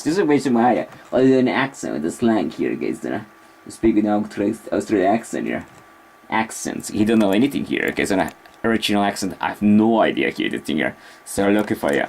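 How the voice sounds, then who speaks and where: A man with a fairly low voice talks loosely to the camera in a casual vlog. He wanders from thought to thought, stopping and restarting as he searches for words. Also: very animated, fairly quick, gravelly, a little mellow. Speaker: vlogger. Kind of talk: rambling casual vlog talk.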